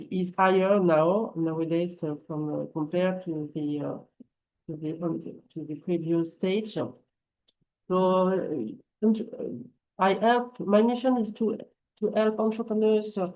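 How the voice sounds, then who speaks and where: Casting: French-accented woman, lowish voice, slow halting delivery, live webinar host. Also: warm tone, rough recording. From France. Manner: hesitant, many fillers and restarts. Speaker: translation company presenter. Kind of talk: live online conference talk. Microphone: computer microphone.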